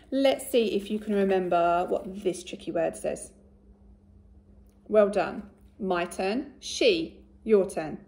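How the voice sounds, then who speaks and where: A woman teacher giving a recorded phonics lesson to young children, speaking slowly and clearly and praising often. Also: mid-range voice, mellow. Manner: slow, clear and encouraging, with much praise. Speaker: primary school teacher.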